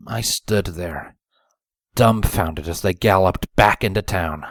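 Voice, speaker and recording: A man reading a fan story aloud, narrating in the first person in a quiet, brooding way. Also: low-pitched, slow pace, dry recording. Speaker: fanfiction reader.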